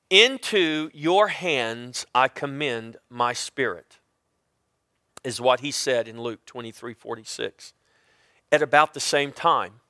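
A man's voice: high-pitched, pushed and bright, dry recording, clean studio sound. A man preaching a sermon as pastor, rising and falling for emphasis and calling out to the congregation.

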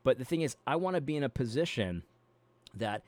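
Brief: a male Christian video commentator, casual and rambling, with a dry close recording and mid pitch. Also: animated, a little fast, a little mellow, no room sound. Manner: rambling, repeats words, frequent fillers. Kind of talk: Bible reading then casual commentary.

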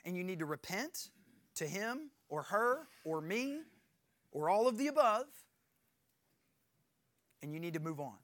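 A man's voice: high-pitched, very animated, unhurried, long pauses, fairly bright tone. A middle-aged man preaching a sermon as pastor, earnest and emphatic, pressing his points harder as he goes.

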